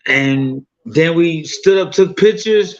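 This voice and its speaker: A man in his fifties from the United States, appearing as a boxing guest, tells a fight story in loose, profane casual talk packed with fillers. His voice is on the high side and slow, and the audio sounds dull.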